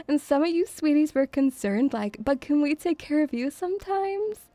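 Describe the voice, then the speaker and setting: A woman's voice: high-pitched, animated, moderate pace, dark tone, no echo. Playful doting woman streamer. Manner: playful, doting, rambling, teasing. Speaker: VTuber streamer. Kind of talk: casual debut stream chat. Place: home room, near pubs.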